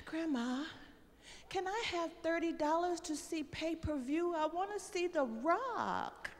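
A woman's voice: very high voice, animated, slow pace, big-room sound, crowd noise, voice pushed up, full character voice. An older woman voicing a pleading little granddaughter who asks for money. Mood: wheedling. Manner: pleading, wheedling. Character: pestering little granddaughter, girl.

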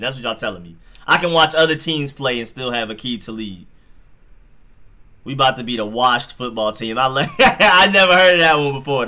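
Bright-voiced young man streaming football talk. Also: medium pitch. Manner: slangy, animated, reacting to game and chat. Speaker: sports live-stream host. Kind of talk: casual live-stream commentary.

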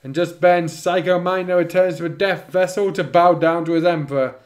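His voice sits high and a little mellow, with a steady tone and a fairly quick pace. He's reading fan fiction aloud, pausing now and then for snarky, sarcastic commentary on how it's written.

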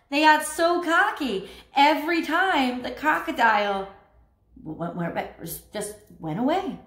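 A woman with a high voice talks through a tarot reading in a loose, chatty way. She is animated and laughs often. The sound has a roomy echo. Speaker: tarot reader. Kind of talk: casual spoken tarot reading.

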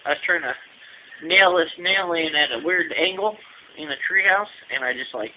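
A man's voice: a little high, moderate pace, phone-quality sound. A young man casually vlogging at home at night, joking and teasing, on a handheld camera mic. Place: indoors at a relative's home at night. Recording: noisy home video recording.

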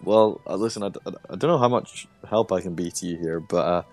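A man playing a character in a tabletop game, speaking hesitantly with many pauses and restarts. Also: sits low, darkish tone, faint music behind. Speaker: player. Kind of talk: in-character tabletop role-play.

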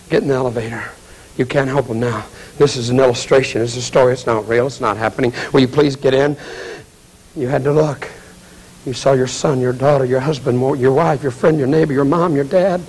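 A man's voice: mid-range voice, darkish tone, husky. A man evangelist preaching a dramatic revival sermon in an urgent, pleading way.

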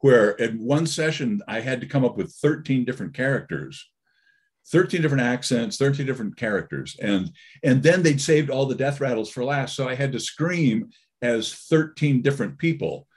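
A man with a husky voice and a lively, swinging pitch tells stories from his voice work. He speaks expressively in a casual panel chat. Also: normal speed. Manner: expressive, storytelling. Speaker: game voice actor.

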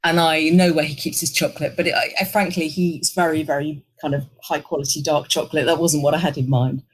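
A middle-aged woman, telling an animated work anecdote in an interview and acting out the lines of the people in it. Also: sits low, fast talker, husky, low-quality recording. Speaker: interview guest, agency executive. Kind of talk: conversational storytelling.

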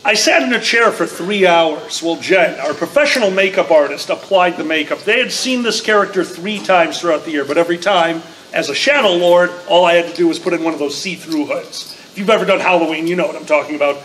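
A man co-hosting a live podcast, telling a story with lively acted-out quotes. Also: fairly high pitch, fairly quick, rough recording. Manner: animated storyteller, acts out quotes. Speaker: podcast co-host. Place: large convention room before a live audience.

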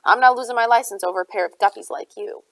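A woman voicing a gruff, grumbling old one-eyed male bartender in a storybook reading. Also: on the high side, quick pace, a bit bright, no room sound, close to an everyday voice.

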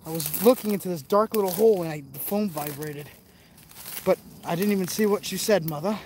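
A man's voice: sits high, a little fast, darkish tone, a little hiss or hum. A man vlogging while he explores outdoors, joking around and talking straight to his viewers as he films on a handheld phone. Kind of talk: casual vlog commentary while exploring. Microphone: handheld phone camera.

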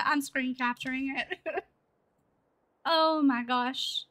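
A young woman live-streaming a game, chatting to viewers and talking excitedly, often laughing. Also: high voice, slow pace, pauses often, soft background music. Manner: excited, laughing, breathless with joy. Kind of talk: live-streamed gameplay chat.

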